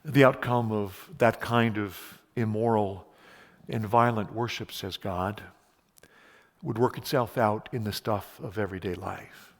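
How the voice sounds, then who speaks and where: Preacher with sweeping shifts in intensity. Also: male voice, fairly low pitch, steady tone, a little slow. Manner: building intensity then dropping to quiet emphatic words. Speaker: pastor. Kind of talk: sermon. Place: church sanctuary. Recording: long reverb of a church hall.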